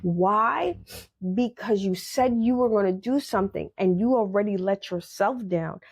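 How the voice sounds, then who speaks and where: A woman's voice: medium pitch, measured pace, husky. Woman, podcast host, blunt motivational monologue; emphatic, repetitive, casual swearing.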